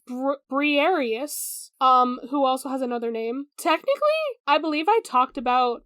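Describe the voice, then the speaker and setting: A woman's voice: high voice, expressive, moderate pace, a bit bright, dry recording, clean studio sound. A woman co-hosting a podcast in casual chat, rambling and stumbling over hard names. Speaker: podcast co-host.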